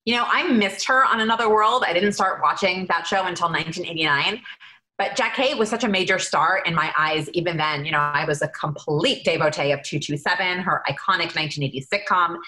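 Bright gushing podcast co-host woman. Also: lowish voice, a little fast, low-quality recording. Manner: gushing, admiring fan. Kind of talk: enthusiastic podcast intro.

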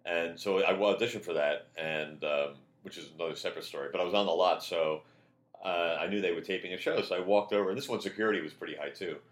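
A man, a comedian guest, telling stories in casual chat with a loud, projecting, animated delivery. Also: sits low, fast talker.

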